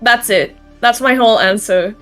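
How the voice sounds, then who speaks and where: A woman's voice: fairly high pitch, normal speed, soft background music. A young woman chatting casually as an interview guest on a voice call, laughing often and swearing now and then. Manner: giggly, swearing, lively. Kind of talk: casual online chat.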